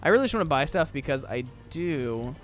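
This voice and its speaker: A man's voice: on the high side, sing-song, a little fast, faint music behind. A young American man chatting casually through a let's-play, rambling with lots of "like" and "um". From southern United States. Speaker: gaming YouTuber.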